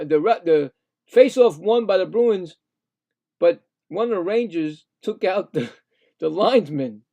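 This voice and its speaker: Excitable high-pitched man calling hockey. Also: highs cut off. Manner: excitable, indignant, rambling with frequent restarts. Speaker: live play-by-play streamer. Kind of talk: casual hockey play-by-play commentary.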